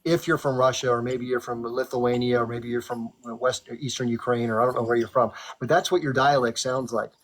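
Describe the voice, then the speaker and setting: A man's voice: medium pitch, fairly even intonation, brisk, hardly any pauses. A man hosting a live stream debate, firmly cutting in to keep order. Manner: firm, cuts in to keep order. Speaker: live stream host and moderator.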